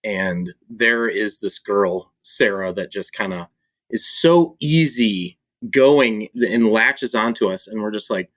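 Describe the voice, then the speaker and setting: A man from Michigan, an author and publisher, talking casually as a podcast guest, relaxed and hesitant with frequent ums. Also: lowish voice, slow pace, no echo. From Michigan, USA. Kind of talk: casual conversation.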